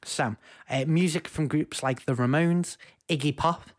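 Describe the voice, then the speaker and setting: A young man with a high-leaning voice co-hosts a casual podcast over a video call on a home mic, speaking at a measured pace in an enthusiastic, jokey, rambling way.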